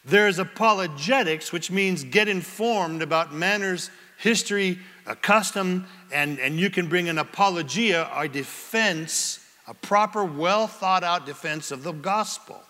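A high, bright male voice preaching with lively, theatrical energy, slipping into quick character voices to make a point. He addresses a congregation in a church. The sound carries a long reverb from a large hall. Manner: animated, acts out little scenes in different voices. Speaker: pastor. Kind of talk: sermon. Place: church sanctuary before a congregation.

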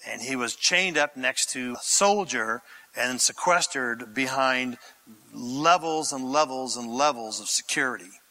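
A man preaching an animated sermon, acting out the people in the story with sudden shouts and put-on voices. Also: medium pitch, unhurried, rough recording. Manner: theatrical, acts out scripture characters with shouts and voices. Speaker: pastor.

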